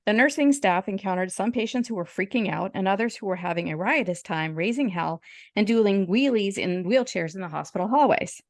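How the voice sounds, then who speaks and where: A woman's voice: mid-range voice, lively intonation, a little fast, no echo, clean studio sound. A woman co-hosting a podcast, chatting casually and reading a story aloud with small stumbles and restarts. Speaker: podcast co-host.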